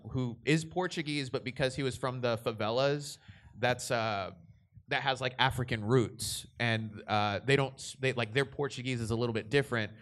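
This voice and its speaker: A man's voice: mid-range voice, fairly bright tone, clean tone. Rambling young man on a panel. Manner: rambling, with frequent restarts and laughs. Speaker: voice director on a convention panel. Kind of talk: panel Q&A answer, casual.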